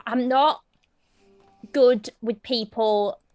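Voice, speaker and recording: A woman playing a blunt, tough young adventurer with gruff, slangy talk. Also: fairly high pitch, fairly even intonation, extremely slow, darkish tone, soft background music. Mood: earnest.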